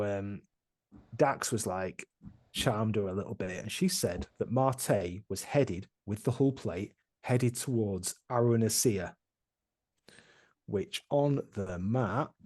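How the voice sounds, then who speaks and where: A man's voice: lowish voice, takes it slowly, darkish tone. A man running a tabletop game, recapping past sessions in a rambling, casual way with many restarts. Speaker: game master.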